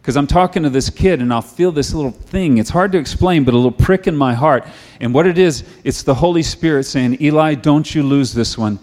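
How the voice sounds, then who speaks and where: A middle-aged man preaching a sermon. He tells stories in a conversational way and moves into quiet, earnest prayer. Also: on the high side, brisk, few pauses.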